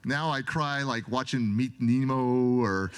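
A man giving a dramatic, emotional motivational talk, telling a personal story with big swings from loud to soft. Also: mid-range voice, slow pace, clean tone. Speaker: motivational speaker.

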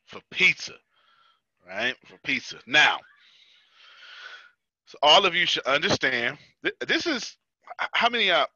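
Bright-voiced American man leading a meeting. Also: a little high, sing-song, unhurried, long pauses, no echo, dull audio. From United States. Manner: joking, storytelling, laughs often. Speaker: meeting host. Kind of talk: casual team meeting talk.

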